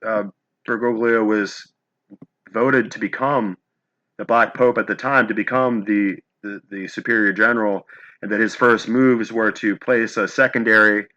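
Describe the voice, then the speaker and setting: A man's voice: lowish voice, fairly even intonation, a little slow, sharp tone, highs cut off. A man hosting an interview, asking long, hesitant, searching questions. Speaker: host. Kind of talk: conversational interview.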